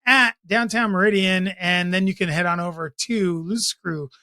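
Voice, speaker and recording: Chatty high-voiced man hosting a podcast. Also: normal speed, bright, forceful tone, no echo, studio quality. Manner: rambling, chatty, jokey asides. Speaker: podcast host. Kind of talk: casual event roundup.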